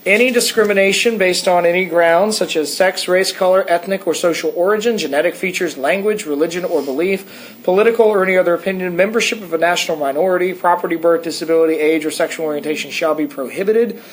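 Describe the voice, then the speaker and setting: A man's voice: sits high, fast. An American man co-hosting a podcast in casual, analytical chat, talking at length and reading excerpts aloud. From United States. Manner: talkative, digressive, reads excerpts aloud. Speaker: podcast co-host.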